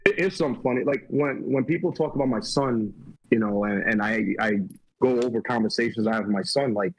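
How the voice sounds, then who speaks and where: A man's voice: mid-range voice, a little fast, low-quality recording. A man, a comedian guest, chatting casually and telling rambling, profane stories. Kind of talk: casual podcast chat.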